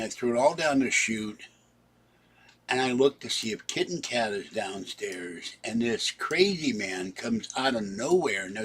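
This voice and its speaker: A man with a husky, slightly breathy voice at an ordinary middle pitch tells a long personal story in a casual vlog. He rambles from one detail to the next and narrates in the present tense. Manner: rambling, recounts events in present tense and acts out the quarrel; breaks off to talk softly to his cats. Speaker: vlogger.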